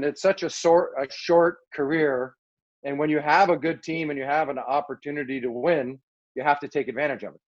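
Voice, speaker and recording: A man telling a lively story as a podcast guest, acting out quoted dialogue and laughing now and then. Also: medium pitch, lo-fi sound. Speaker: podcast guest, former hockey player. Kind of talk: casual storytelling.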